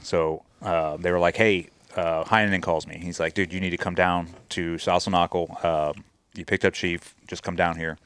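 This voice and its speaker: Low-voiced man telling profane war stories. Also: steady tone, moderate pace, fairly bright tone, clean tone. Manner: profane, acts out quoted dialogue from his own stories. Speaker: podcast guest, former Navy SEAL chief. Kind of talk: casual storytelling in conversation.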